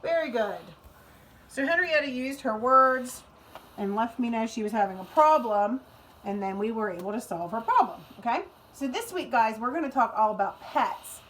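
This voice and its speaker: A woman teacher reads a picture book aloud to young children in a gentle, coaxing tone. Her voice sits a little high. A faint background hiss runs under the reading. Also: poor audio. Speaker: preschool teacher.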